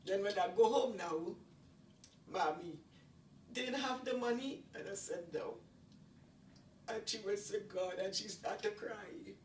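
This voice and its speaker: A woman's voice: mid-range voice, fairly even intonation, unhurried, darkish tone, recorded from a distance. An older woman tells a personal testimony in an earnest, repetitive, emphatic way. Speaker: testimony speaker. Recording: echoey room, voice off-mic, faint noise.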